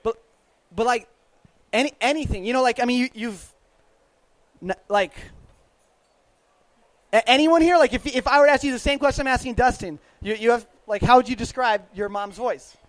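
A man's voice: very high-pitched, moderate pace, long pauses, no room sound, poor audio. A man, a youth minister, giving a casual, chatty faith talk, laughing often and putting questions to the audience.

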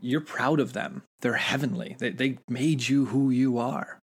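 A man's voice: mid-range voice, measured pace, creaky, slightly rough. A man co-hosting a casual podcast, musing enthusiastically and thinking aloud. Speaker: podcast co-host. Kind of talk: casual book-discussion podcast.

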